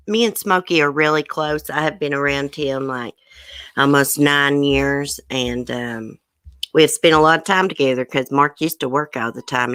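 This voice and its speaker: A low-pitched woman chats casually on her live stream, greeting viewers by name. Her talk is soft-hearted and emotional. The sound is dry and close, with no room in it. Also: no room sound. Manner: chatty, greets viewers by name, says y'all.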